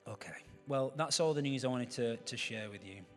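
A man's voice: mid-range voice, animated, a little fast, a bit bright, faint music behind. Chatty man preaching. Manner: chatty, joking asides to the congregation. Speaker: pastor. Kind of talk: sermon.

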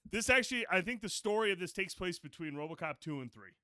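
Bright, clear-voiced man chatting excitedly. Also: high voice, brisk, no room sound, studio quality. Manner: excitable, swears freely. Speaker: podcast co-host. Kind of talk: casual chat.

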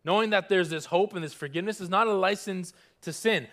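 A man preaching a sermon, earnest and emphatic, repeating key phrases and slowing down when he reads scripture. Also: high-pitched, a bit bright. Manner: earnest, emphatic preaching with repetition and audience call-and-response; slows down on scripture, stressing single words. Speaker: pastor.

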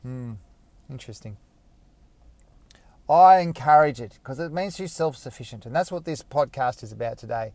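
A man's voice: medium pitch, lively intonation, normal speed, long pauses, a little mellow, no room sound. A man hosting his own podcast, chatting casually in a rambling, self-mocking way. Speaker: podcast host. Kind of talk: casual solo podcast monologue.

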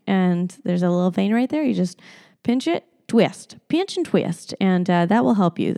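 A woman hosting a podcast alone, telling a story in casual chat, animated and blunt, laughing often and swearing freely. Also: mid-range voice, vocal fry. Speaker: podcast host.

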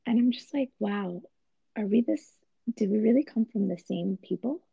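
Very gravelly, husky-voiced woman chatting. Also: medium pitch, moderate pace, dry recording. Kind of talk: casual chat. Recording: dull lo-fi recording.

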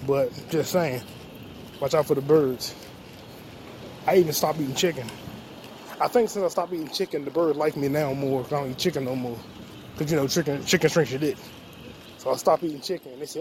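A man's voice: on the high side, a little fast, pauses often, darkish tone. A young man hosting a casual vlog outdoors on a city street, rambling and swearing as he jokes to himself. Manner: rambling, profane, joking to himself. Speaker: podcast host. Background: street traffic noise.

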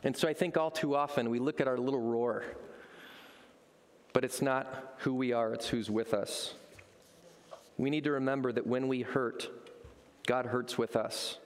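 A man's voice: medium pitch, a little slow, long pauses, long reverb tail. A man preaching a sermon as a pastor, telling stories with energy and acting out voices. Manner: animated storytelling, acts out voices.

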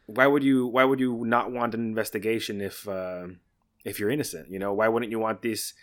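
A man's voice: lowish voice, steady tone, a bit bright. Indignant man chatting casually. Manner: indignant, laughing, fast restarts. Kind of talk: casual chat.

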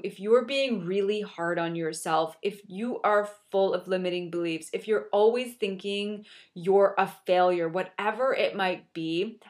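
A young adult woman giving an earnest, encouraging motivational monologue, repeating key phrases for emphasis. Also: mid-range voice. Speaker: motivational speaker.

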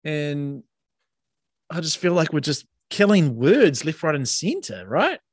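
A New Zealand man with a fairly high voice, joking and slangy as he co-hosts a relaxed podcast. His voice sounds dry and close to the mic. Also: a little slow, husky, dry recording. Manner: laid-back, joking, slangy. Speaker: podcast co-host. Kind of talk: casual chat.

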